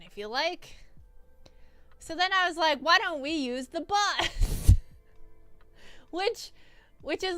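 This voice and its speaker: A high, bright young woman recounting a trip in a casual streamer recap. Her voice is clear and smooth, close to the mic in a dry room. She rambles, restarts, and laughs often as she goes. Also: no room sound. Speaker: vtuber streamer.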